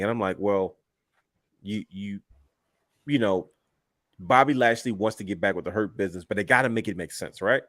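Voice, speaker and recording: Casual male podcast co-host, lower voice, dry close mic, excitable storyteller. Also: normal speed, dry recording. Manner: animated storyteller, acts out quotes, laughs often. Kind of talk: casual wrestling chat.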